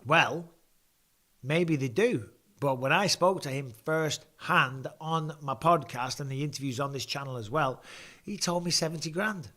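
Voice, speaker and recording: A man's voice: on the high side, a little slow, bright, forceful tone. A middle-aged man, chatting casually and swearing freely as he hosts a live fight watch-along. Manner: chatty, swears casually, reads out viewer comments. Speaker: host and former fighter.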